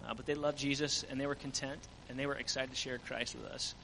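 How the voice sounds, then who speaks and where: A man's voice: mid-range voice, level tone, fast talker, bright, forceful tone, long reverb tail, slight background noise, rough recording. A man giving an earnest church testimony about a mission trip, full of fillers. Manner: earnest storytelling with frequent fillers. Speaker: mission trip team member.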